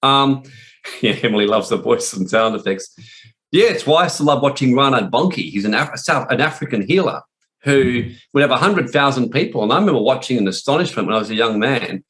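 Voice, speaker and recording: A man's voice: mid-range voice, lively intonation, a little fast, a bit bright. Blunt, profane man preaching. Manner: blunt, profane, rambling with restarts. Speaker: spiritual warfare teacher. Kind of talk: informal preaching talk.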